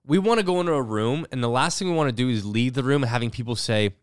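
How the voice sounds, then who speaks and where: A man co-hosting a podcast, talking candidly in casual chat with animated asides. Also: mid-range voice, fast, clear, resonant tone, dry recording, studio quality. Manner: candid, animated storytelling with acted quotes. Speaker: podcast co-host.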